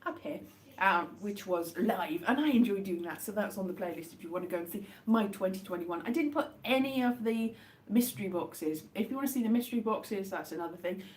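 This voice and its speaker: A woman chatting casually on a live stream as she eats chocolates, rambling with wry, deadpan jokes. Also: mid-range voice, brisk. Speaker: livestream host. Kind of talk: casual live chat while eating chocolates.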